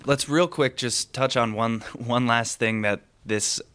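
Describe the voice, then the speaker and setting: A man's voice: medium pitch, a little slow, fairly bright tone, clear, resonant tone. A man co-hosting a finance podcast in casual chat, sarcastic and emphatic, laughing often. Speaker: podcast co-host, financial advisor.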